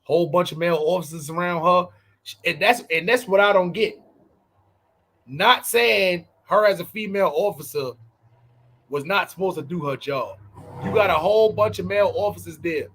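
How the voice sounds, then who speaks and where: A man co-hosting a podcast, telling stories in loose, profane casual chat and breaking into shouted impressions. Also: sits high, moderate pace, husky. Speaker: podcast co-host.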